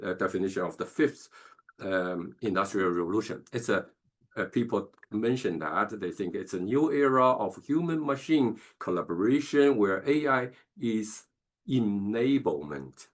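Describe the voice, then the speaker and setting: Halting low-voiced male professor. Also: animated. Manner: halting, many fillers and restarts, checks in with "okay?". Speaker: professor leading a business masterclass. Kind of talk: online masterclass lecture.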